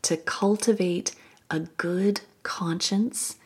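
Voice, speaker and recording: Woman host, unhurried devotional storyteller, low gravelly tone with a husky edge, drops into breathy whispers. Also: steady tone. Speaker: podcast host. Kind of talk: reflective Christian podcast storytelling.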